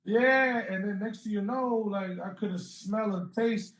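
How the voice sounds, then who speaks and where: This man's voice sits high and he takes his time, spinning stories as a guest comedian in a relaxed interview. Acting out quotes and laughing a lot, he's recorded in an echoey space.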